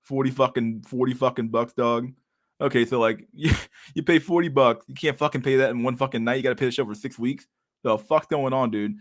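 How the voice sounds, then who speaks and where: A man with a mid-range voice talks fairly quickly while hosting a livestream. In his rambling, foul-mouthed chat with viewers, he laughs a lot, acting mock-offended.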